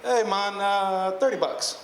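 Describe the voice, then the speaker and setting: A man voicing a small, shady male street dealer who pushes his goods in quick, insistent patter. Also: high voice, pitched above the performer's own voice. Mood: haggling. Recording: echoey hall, faint room noise.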